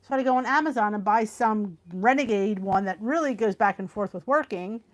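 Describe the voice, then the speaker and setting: Through her computer on a video call there's a little hiss or hum behind this middle-aged woman's medium-pitched, brisk voice. Hosting a live cooking stream from home, she chats, reads viewer comments aloud, gasps and trails off mid-thought, and sounds tired and yawny from the heat.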